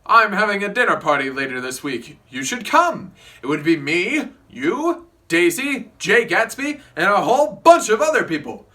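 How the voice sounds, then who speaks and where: A man voicing an arrogant, hot-tempered rich young husband in a student comedy play, loud and blustering. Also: high voice, sing-song, moderate pace, few pauses, recorded from a distance, exaggerated voice. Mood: pompous. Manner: loud, blustering, shouting outbursts.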